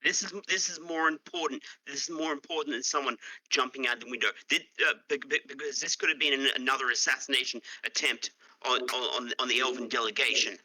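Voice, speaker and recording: An eager man chats as a player in a tabletop game, stumbling over his words. His voice is very bright and forceful, with a dry, close sound. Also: mid-range voice, fairly even intonation, fast talker, no echo, rough recording. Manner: eager, stammers and restarts. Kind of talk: casual tabletop game chat.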